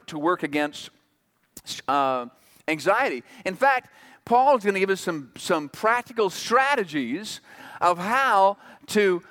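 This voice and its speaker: A pastor preaching a sermon in a church, earnest and conversational, pausing and restarting as he explains. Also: high-pitched, a bit bright. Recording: long hall reverb.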